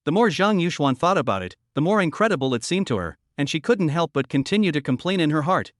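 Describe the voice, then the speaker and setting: A man narrating a romance web novel as a storyteller, reading in an even, steady way. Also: fairly high pitch, quick pace, hardly any pauses, dry recording, clean studio sound.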